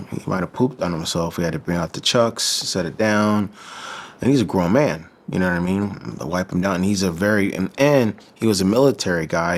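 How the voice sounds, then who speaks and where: A man from the Midwestern United States, a physician assistant, talking casually and earnestly with lots of fillers. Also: sits low. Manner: loose, filler-heavy, earnest. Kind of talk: casual conversation.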